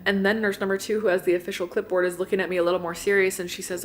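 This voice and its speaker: Young woman vlogging a funny story, lively and sweary, mid-range voice. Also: mid-range voice, racing, few pauses. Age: young adult. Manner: animated, swears freely, acts out quoted people. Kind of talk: comedic personal storytelling.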